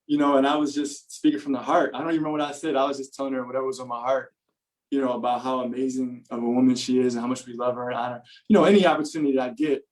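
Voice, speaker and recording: Talking rapid-fire in a medium pitch, this podcast guest laughs a lot as he tells a story in a lively, casual way, leaning heavily on "like" and "you know." The audio quality is poor.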